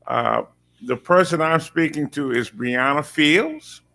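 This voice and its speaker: Taking it slowly, a man with a higher-leaning, sharp voice and vocal fry reads a prepared tribute as a university official. He formally introduces a student at a board meeting, with occasional filler-laden asides.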